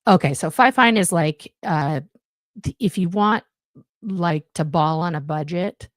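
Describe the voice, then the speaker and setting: A young adult woman with a voice on the low side joins a live stream as a guest from a home room, chatting casually at an unhurried pace. She rambles with many fillers and restarts, and her budget USB mic gives a clean, studio-like sound with no room sound.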